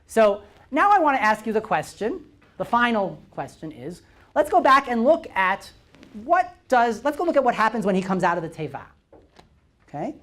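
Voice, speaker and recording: A male lecturer with a lively, swooping delivery, teaching a Bible class to a room of listeners. He punctuates almost every point with a quick "right?" or "okay?" and keeps turning to quiz the audience. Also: high-pitched. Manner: constantly checks in with "right?" and "okay?"; poses questions to the audience. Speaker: visiting lecturer.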